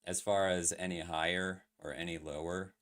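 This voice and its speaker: A man's voice: deep voice, flat delivery, moderate pace, a bit bright. A man streaming live, talking casually through crypto chart analysis with lots of fillers and questions to his chat. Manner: loose, filler-heavy, asks chat questions.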